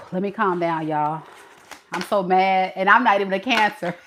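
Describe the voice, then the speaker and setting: Blunt animated woman reading tarot. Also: mid-range voice, measured pace, a little hiss or hum. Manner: animated, blunt, addresses viewers as y'all. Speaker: tarot reader. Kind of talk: live tarot reading to viewers.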